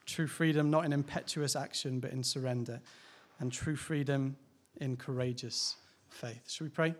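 A man's voice: medium pitch, fairly even intonation, normal speed. A man, a pastor, preaching a sermon in a candid, conversational way, asking rhetorical questions and laughing lightly now and then.

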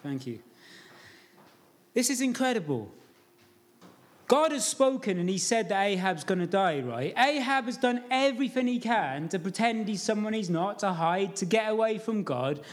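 A man with a high voice preaches a sermon to his congregation. He tells the story informally and keeps putting questions to the listeners. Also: very animated, normal speed.

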